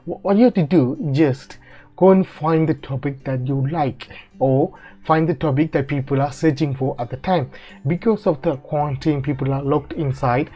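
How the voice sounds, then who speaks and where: Guy walking thru a tutorial, stop-start with lots of ums, a bit high voice, dull lo-fi sound. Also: dark tone. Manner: halting, many fillers and restarts, non-native phrasing. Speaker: online money-making tutorial host. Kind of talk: casual screen-recorded tutorial. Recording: dull lo-fi audio with faint music.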